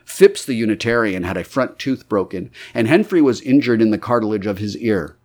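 A man narrates a classic novel in a steady, expressive reading. His voice sits a little low. He carries the prose at an even, storytelling pace. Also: brisk. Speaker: audiobook narrator.

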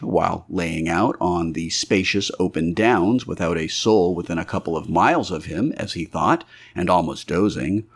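A man reading a classic novel aloud as an audiobook narrator, in a measured, expressive way. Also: sits low, slightly rough.

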